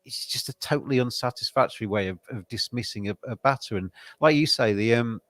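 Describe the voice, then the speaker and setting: A man's voice: medium pitch, fairly quick, a bit bright, no room sound. A man from England hosting a podcast interview, chatting casually and rambling with many fillers and restarts. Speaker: podcast host.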